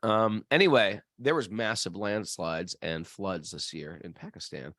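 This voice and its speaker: A man telling a story in casual chat, acting out the characters' voices and swinging his pitch widely. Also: measured pace, no room sound. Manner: animated storyteller, acts out voices in high falsetto. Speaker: podcast co-host.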